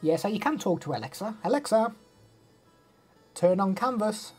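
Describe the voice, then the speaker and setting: A man's voice: high-pitched, animated, normal speed, a little mellow, breathy edge, soft background music. A young man chatting casually on a live stream, rambling and answering chat messages.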